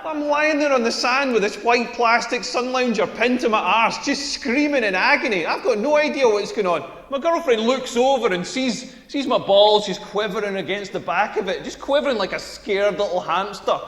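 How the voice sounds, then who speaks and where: An extremely high-pitched, fairly bright voice belongs to a young Scottish man who talks at normal speed with hardly any pauses. He plays a crude stand-up comedian rambling through stories and bombing on stage, recorded with echo in a hall's comedy venue.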